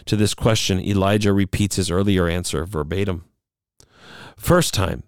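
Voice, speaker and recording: A man teaching a Bible study lesson, measured and emphatic, slowing down on key words. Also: low voice, fairly even intonation, clear, resonant tone, dry recording, clean studio sound.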